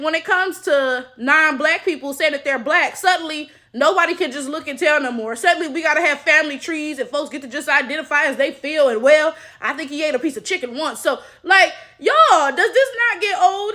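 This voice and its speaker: Young woman, high bright voice, blunt slangy commentary. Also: brisk, hardly any pauses. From Detroit, USA. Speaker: commentary YouTuber. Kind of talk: reaction commentary.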